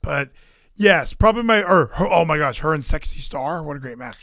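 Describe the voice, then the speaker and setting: A man co-hosting a casual podcast chat, excitable and rambling, with frequent swearing and restarts. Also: fairly high pitch, brisk, no room sound, clean studio sound. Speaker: podcast co-host.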